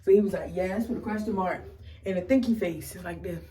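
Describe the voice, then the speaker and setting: A young woman with a Maryland accent, telling a casual storytime to her camera in a slangy, animated way. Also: lowish voice, brisk, recorded from a distance, poor audio. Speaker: vlogger.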